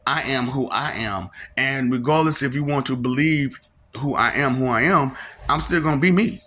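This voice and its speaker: A man's voice: mid-range voice, normal speed, pushed and bright. A man giving a rambling solo monologue in a manic, taunting way, breaking into cackles between lines. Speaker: vlogger.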